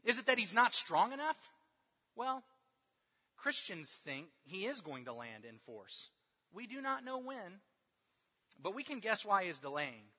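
A man preaching a sermon, emphatic and repetitive, drawing out key words slowly for stress. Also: high voice, bright, forceful tone. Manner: emphatic, with rhetorical repetition and slow drawn-out stresses. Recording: long hall reverb, dull lo-fi sound.

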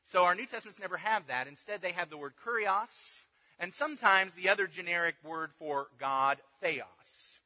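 A man's voice: high-pitched, normal speed, pushed and bright, big-room sound, lo-fi sound. A man giving a Bible class lecture, explaining step by step and checking in with the listeners. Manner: explanatory, checks in with "okay" and "right". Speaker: Bible teacher.

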